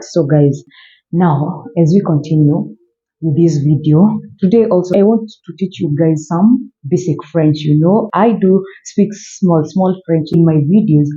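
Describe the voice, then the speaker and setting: A man's voice: on the high side, mellow. A young man teaching basic phrases in a casual vlog, friendly and repetitive, calling his viewers guys. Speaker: language vlogger teaching French. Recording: dull lo-fi audio.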